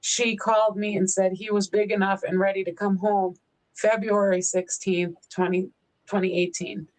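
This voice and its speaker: A woman's voice: mid-range voice, flat delivery, normal speed, darkish tone, low-quality recording. A woman co-hosting a casual live-stream chat, talking fondly and in baby-talk to her dog between stories. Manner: baby-talks to her dog, chatty and fond. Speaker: co-host.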